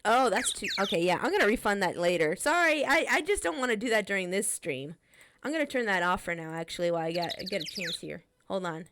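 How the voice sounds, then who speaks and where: A woman streamer chatting casually with her viewers, in a chatty, relaxed and apologetic manner. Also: medium pitch, quick pace. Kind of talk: casual live-stream chat.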